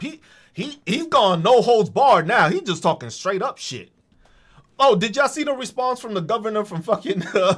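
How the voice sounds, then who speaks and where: A podcast host with a high-pitched, fairly bright voice delivers a profane, mocking political rant in monologue form.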